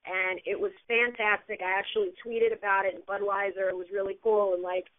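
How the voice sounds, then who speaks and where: A woman's voice: mid-range voice, flat delivery, brisk, no room sound. A woman co-hosts a casual sports radio show, talking eagerly and often restarting her sentences. Her mid-range voice comes through dry, with a narrow, phone-like band. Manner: chatty and enthusiastic, frequent restarts.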